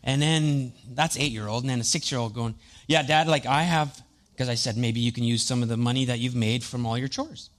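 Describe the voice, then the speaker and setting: A man's voice: mid-range voice, fairly quick. A man in his thirties, a pastor preaching a sermon, telling personal family and boat stories in a chatty, self-deprecating way.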